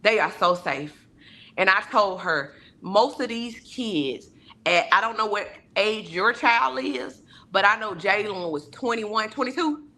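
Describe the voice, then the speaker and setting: Bright-voiced woman giving emphatic testimony. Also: medium pitch, animated, measured pace. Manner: preacher-like, emphatic, acts out quoted voices. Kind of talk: heartfelt testimony. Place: virtual town hall video call. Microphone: video call.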